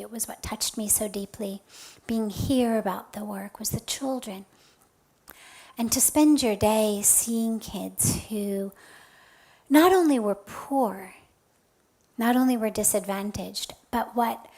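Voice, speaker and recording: A fairly high-voiced woman gives a spiritual talk as a teacher, unhurried and reflective. Her voice often sinks to a soft, breathy near-whisper and then lifts with emphasis on key words. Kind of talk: spiritual talk with personal storytelling.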